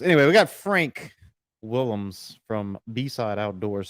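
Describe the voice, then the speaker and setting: Rambling jokey podcast host. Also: male voice, lowish voice, animated, moderate pace, no room sound, studio quality. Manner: rambling, jokey, self-interrupting. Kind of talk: casual podcast chat.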